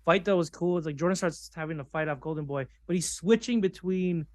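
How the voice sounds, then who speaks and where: A man's voice: on the high side, brisk, darkish tone, dry recording. A man co-hosting a casual pop-culture podcast, talking in a laid-back, hesitant way with many ums and likes. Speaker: podcast co-host. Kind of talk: casual chat.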